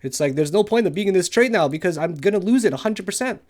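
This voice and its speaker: A man's voice: high-pitched, expressive, fast, a little mellow. Tired, swearing man narrating his trades. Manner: frustrated, swearing often, thinking aloud. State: tired from no sleep. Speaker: crypto day trader. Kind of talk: live trading commentary over charts.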